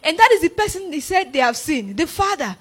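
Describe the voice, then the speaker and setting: A woman preaching a sermon, animated and laughing often as she acts out the disciples. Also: high-pitched, brisk.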